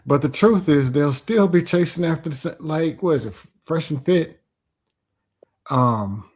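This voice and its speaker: A man co-hosting a casual talk show, talking bluntly. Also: a little high. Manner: blunt, animated, acts out quoted voices. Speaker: podcast co-host. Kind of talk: casual chat.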